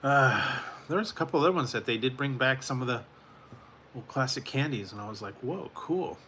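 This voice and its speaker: A man's voice: medium pitch, fairly quick, sharp tone, slight background noise. A man hosting a late-night food review live stream, rambling casually and chuckling as he talks to chat viewers.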